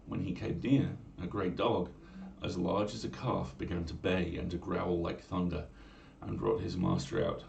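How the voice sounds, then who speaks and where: Deep voice, gravelly, man, bedtime fairy-tale reading, echoey room, distant mic. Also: expressive, moderate pace, hardly any pauses, darkish tone, slight background noise. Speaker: storyteller. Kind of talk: bedtime story livestream reading. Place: at home.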